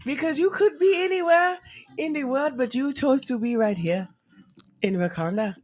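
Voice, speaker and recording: A woman voicing a formal female call-center agent in a put-on accent of a fictional African nation, courteous and deliberate. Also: high voice, darkish tone, no room sound.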